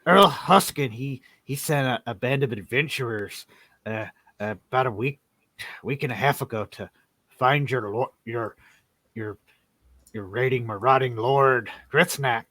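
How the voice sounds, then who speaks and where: Boastful slurring town drunk, guy putting it on, loud and swaggering. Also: medium pitch, a little slow, no room sound. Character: swaggering drunk male human townsman.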